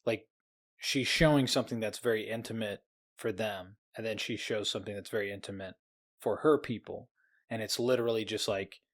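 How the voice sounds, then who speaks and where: A man's voice: lowish voice, a little fast. A man co-hosting a book podcast in casual chat, rambling and laughing along. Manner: rambling, with many fillers and restarts, laughs along. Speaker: podcast co-host.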